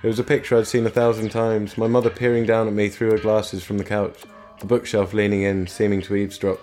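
A young man narrates a first-person tale in a low, understated voice. His delivery is dry and subdued. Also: level tone, fairly quick, darkish tone, faint music behind. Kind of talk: scripted narration.

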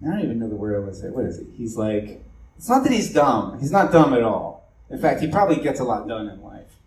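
A man's voice: medium pitch, very animated, quick pace, darkish tone. Man, pastor type, casual rambling delivery; distant mic, roomy echo. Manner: loose and chatty, many fillers and asides. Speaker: pastor leading a church meeting. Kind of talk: casual evening talk to a congregation. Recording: echoey room, distant mic, faint noise.

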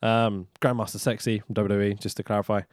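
A man's voice: fairly low pitch, flat delivery, quick pace, no echo, studio quality. A man co-hosting a podcast, recapping with sarcasm, swearing and frequent laughter in casual chat. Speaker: podcast co-host.

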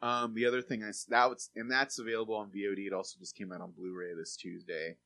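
Talking fast with vocal fry in a lowish voice, a man co-hosting a film podcast chats loosely, piling on fillers. He rambles but becomes animated when something excites him.

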